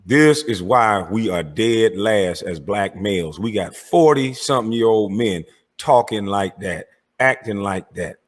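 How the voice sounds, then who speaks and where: Man, husky voice, furious profane rant, confrontational call-out. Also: on the low side, animated, a little slow. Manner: confrontational, cursing, calling out rivals. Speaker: online commentator.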